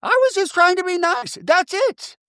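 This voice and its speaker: A man voicing an aloof, icy reality-TV woman who talks slowly and deadpan. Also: very high-pitched, dry recording, clean studio sound, voice pushed up, full character voice. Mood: cold, self-justifying. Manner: slow, drawn-out, deadpan.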